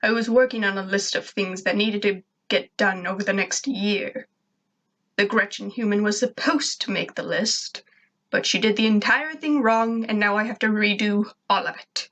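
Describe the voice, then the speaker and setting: A woman reading a first-person fan fiction story aloud in a steady narrating voice. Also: medium pitch.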